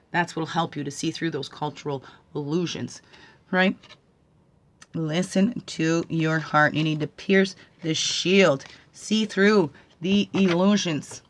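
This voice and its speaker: A woman offering a spiritual card reading on a livestream, speaking softly and thoughtfully. She often pauses to ask "right?" Her voice rises to forceful preaching at the points she stresses most. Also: low-pitched. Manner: soft-spoken, musing, often asking "right?"; swings from hushed to emphatic when preaching. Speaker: spiritual guide and card reader.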